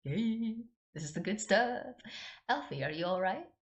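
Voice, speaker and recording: A woman reading the lines of a caring young woman in a soft, gentle voice. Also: mid-range voice, lively intonation, a little slow, voice pushed up, close to an everyday voice.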